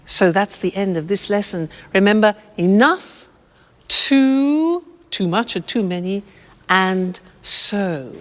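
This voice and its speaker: A woman gives a patient English lesson, walking through simple examples one at a time. She speaks slowly, and her pitch rises and falls a lot. A long reverb trails behind her voice. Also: lively intonation. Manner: patient, explains step by step with examples. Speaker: English teacher. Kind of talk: slow, clear language lesson.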